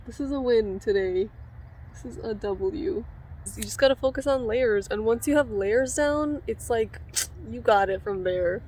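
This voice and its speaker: A young woman chatting casually and excitably as she cuts her own hair in a home vlog, sprinkling in "like" often. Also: a little high, moderate pace, a little hiss or hum. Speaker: beauty vlogger. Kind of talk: casual tutorial chat.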